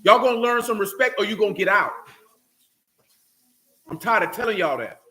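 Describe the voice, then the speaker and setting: Male Bible teacher, high bright voice, preachy, keeps quizzing the class. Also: expressive, moderate pace. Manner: preachy, calls out questions to the class. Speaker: teacher leading a Bible study. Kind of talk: sermon.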